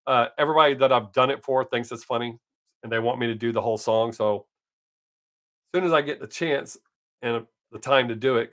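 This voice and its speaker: A man's voice: mid-range voice, fairly bright tone. A man in his fifties, a comic chatting casually on his live stream, rambling and joking crudely, with a slight scratch in his voice. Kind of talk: casual chat.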